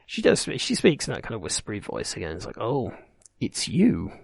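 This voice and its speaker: A man's voice: fairly low pitch, huge pitch swings, quick pace, creaky, slightly rough, no echo, clean studio sound. A man running a tabletop game, narrating in a rambling, wry way that corrects itself as it goes. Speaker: game master.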